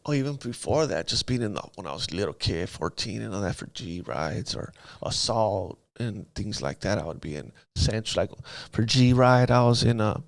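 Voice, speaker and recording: A man's voice: lowish voice, animated, moderate pace, creaky, no echo. A man telling his life story in an interview, in casual street slang, often asking "you know what I mean". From Los Angeles area. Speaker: guest.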